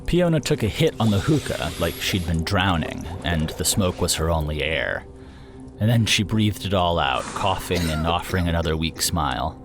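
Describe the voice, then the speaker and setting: A man narrating a story in a steady, even storytelling manner. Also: low-pitched, moderate pace, music in the background. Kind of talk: audiobook narration.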